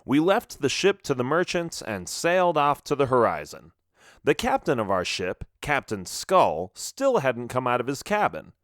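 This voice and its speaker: Male storyteller for a children's audiobook, expressive, dry close sound. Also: mid-range voice, moderate pace, dry recording. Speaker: audiobook narrator.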